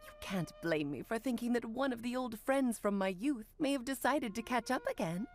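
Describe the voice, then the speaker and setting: A woman's voice: fairly high pitch, lively intonation, normal speed, music in the background. A woman voicing a playful, grand witch and mother in a dubbed video game. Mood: amused.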